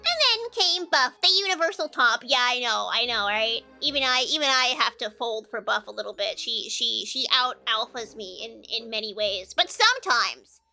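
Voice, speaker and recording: A woman with a Midwestern accent streams live, chatting casually and answering viewer comments, her talk full of fillers. Her voice sits high and sounds bright and sharp. Soft music plays faintly behind her. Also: animated, normal speed, hardly any pauses. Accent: Midwestern American. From American Midwest.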